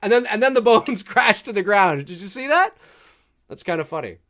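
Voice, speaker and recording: A man's voice: high voice, animated, normal speed, a bit bright. A man hosting a live movie commentary, chatting casually and joking about the scenes as they play. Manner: chatty, jokey, reacting with laughs and mock quotes.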